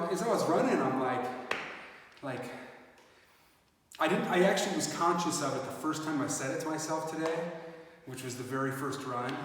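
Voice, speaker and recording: A man's voice: medium pitch, fairly bright tone, a little hiss or hum. A man in a casual fitness vlog, talking reflectively with many fillers, recorded on a phone set up some distance away. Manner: rambling, reflective, lots of fillers. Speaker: fitness vlogger. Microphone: phone camera set up at a distance. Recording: echoey, roomy, from far off phone.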